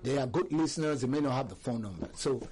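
A middle-aged man with a Nigerian English accent hosting a call-in radio talk show, chatty and animated, often laughing and repeating himself. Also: mid-range voice, fast, slight background noise. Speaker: radio host.

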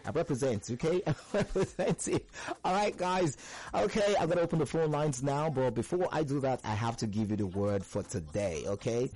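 A young man hosting a call-in radio show, energetic and slangy, hyping up callers. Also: medium pitch, normal speed. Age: young adult.

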